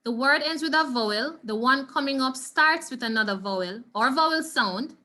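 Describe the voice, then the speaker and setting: A woman's voice: sits high, animated, normal speed, sharp tone. A Jamaican woman teaching an online Spanish exam revision lesson, patient and instructive, often checking in with her class. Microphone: video call.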